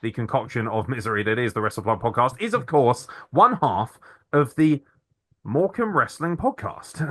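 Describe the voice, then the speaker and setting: Lively bright-voiced podcast host. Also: male voice, mid-range voice, normal speed. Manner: mock-grandiose announcer introductions full of profanity. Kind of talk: crude comedy podcast banter.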